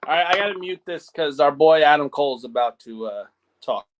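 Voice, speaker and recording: A man's voice: fairly high pitch, animated, fairly quick. A man co-hosting a wrestling watch-along, chatting casually and rambling, with "like" in nearly every phrase. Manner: rambling, fills with "like" constantly. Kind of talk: casual chat.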